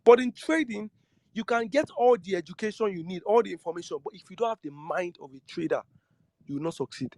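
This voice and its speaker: High-voiced man teaching trading. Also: animated, fast talker, darkish tone. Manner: earnest, repeats and restarts phrases, asks the listeners questions. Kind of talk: lecture-style talk to trading students.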